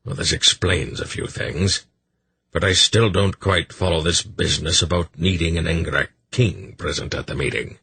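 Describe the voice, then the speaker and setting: A man voicing an old male sorcerer in an audiobook, dry and measured, with a gravelly, husky voice. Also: deep voice, steady tone, sharp tone, exaggerated voice. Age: older.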